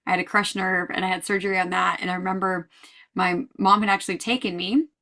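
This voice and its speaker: A woman's voice: on the low side, fairly even intonation, fast talker, bright, forceful tone. A woman hosting a podcast, chatting casually and laughing often as she shares her own stories. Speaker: podcast host. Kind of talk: casual chat.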